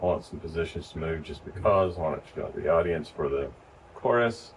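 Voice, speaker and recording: A man with a very low voice gives casual, step-by-step training to church volunteers. He is recorded from a distance, and faint noise hangs behind him. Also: a little fast. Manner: relaxed, explains step by step. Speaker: lighting instructor.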